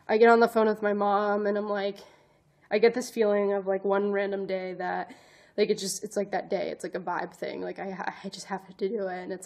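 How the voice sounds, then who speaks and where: A woman who vlogs, advocates and educates tells a personal story with a mid-range, darkish voice. She is earnest, emotional and self-conscious, rambling with plenty of "like" fillers and restarts.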